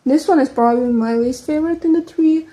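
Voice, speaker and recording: A woman's voice: high-pitched, low-quality recording. Chatty young woman, non-native English. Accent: American-leaning English, second language. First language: not English. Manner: chatty, quick, trailing off into soft asides. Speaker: book vlogger. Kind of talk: casual chat.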